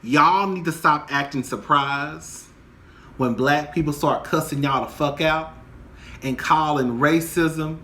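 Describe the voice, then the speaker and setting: A man's voice: on the high side, sharp tone. A young man angrily ranting about a reality TV show, heated, profane and emphatic. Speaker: commentator. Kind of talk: angry reality TV rant to camera.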